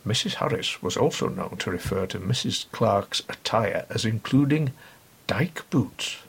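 A man's voice: fairly low pitch, animated, measured pace, gravelly, slightly rough. A middle-aged man hosting a podcast, reading a scripted satirical review in a dry, sardonic, mock-pompous manner. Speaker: podcast host.

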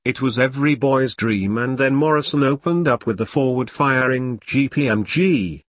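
A man narrating an audiobook in a steady, measured reading voice. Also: mid-range voice, no echo. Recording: dry close studio sound.

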